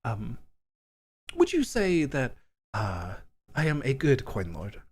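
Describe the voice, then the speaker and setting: A man's voice: mid-range voice, wildly swooping pitch, slow, a little mellow, breathy edge, exaggerated voice. A man voicing a vain, scheming male coin lord who talks in a smug, self-satisfied, wheedling way.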